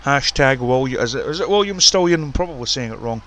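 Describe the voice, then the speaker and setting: A man giving casual, profane, excitable commentary on a wrestling video game and ranting about the roster. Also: medium pitch, quick pace, slight background noise. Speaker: commentator and show runner.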